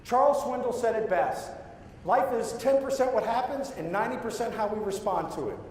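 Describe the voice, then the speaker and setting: A man's voice: very high voice, expressive, fairly quick, a little mellow, a little hiss or hum. A man giving a motivational keynote speech to a live audience, telling a story and asking the crowd questions. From Louisiana. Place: large hall with audience. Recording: echoey hall, from far off.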